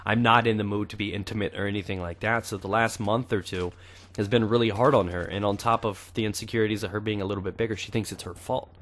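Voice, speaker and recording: A man's voice: fairly low pitch, fairly even intonation, quick pace, fairly bright tone. A young man in his twenties talking casually over gameplay, chatty and crude, swearing freely. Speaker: gaming YouTuber.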